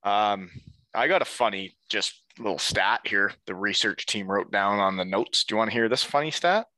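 Bright-voiced chatty male host. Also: on the low side, moderate pace, no room sound. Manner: easygoing, laughs often, ends points with "right?". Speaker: podcast host. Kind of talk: casual chat.

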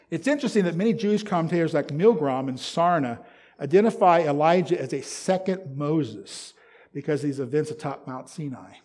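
A man preaching a sermon, reading scripture aloud and commenting on it, swinging from loud emphatic stresses to soft whispers. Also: on the high side, breathy edge. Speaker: pastor.

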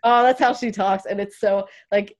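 A young adult woman, a fighter and guest on a podcast, telling stories in a lively, dramatic way. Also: medium pitch, moderate pace. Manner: animated, dramatic storytelling. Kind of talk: casual interview chat.

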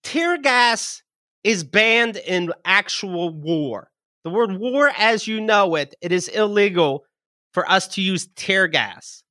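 A man's voice: high voice, animated, slow, sharp tone, no room sound, studio quality. A man co-hosting a podcast, ranting heatedly with lots of swearing in casual chat. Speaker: podcast co-host.

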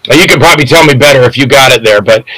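A man's voice: medium pitch, racing, bright, forceful tone, no room sound, rough recording. A man, an independent film director and guest, telling stories in a casual, rambling way and often losing names mid-sentence.

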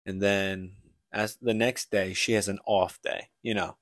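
A man's voice: lowish voice, flat delivery, a little slow, a bit bright, dry recording, studio quality. A man co-hosting a casual book podcast, rambling through a story retelling with lots of "like" and restarts. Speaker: podcast co-host.

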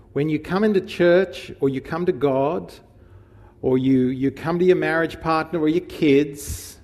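A man's voice: a little high, a little mellow. A man preaching a sermon in a casual, conversational way. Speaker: pastor. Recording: long hall reverb.

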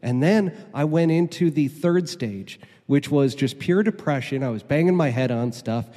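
A man's voice: a little high, expressive, normal speed, dark tone. A man hosting a podcast, ranting with heavy swearing in casual chat. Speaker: podcast host. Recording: long reverb.

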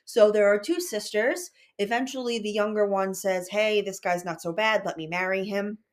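Young woman, podcast host; chatty, explanatory, mid-pitched. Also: moderate pace. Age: young adult. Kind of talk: casual book discussion.

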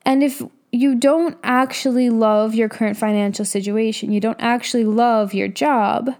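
A woman's voice: on the high side, steady tone, normal speed, a little mellow. A young woman hosting a podcast, giving a casual motivational monologue as a business coach, candid and profane, acting out her own past thoughts.

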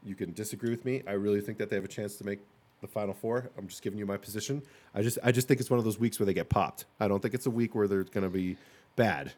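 Opinionated low-voiced sports podcast man. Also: fast talker, darkish tone. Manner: opinionated, joking, rambling. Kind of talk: casual sports chat.

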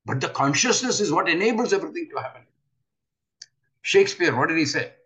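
An older man giving an earnest spiritual talk, often pausing to ask his listeners rhetorical questions. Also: sits high, expressive, sharp tone, muffled recording. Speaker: spiritual teacher.

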